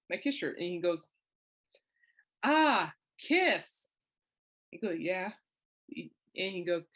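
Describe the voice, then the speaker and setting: A woman's voice: mid-range voice, fairly bright tone. A middle-aged woman hosting a podcast, chatting through a personal story, laughing often and acting out what others said. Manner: chatty, laughs often, acts out quoted people. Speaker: podcast host. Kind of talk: casual storytelling monologue.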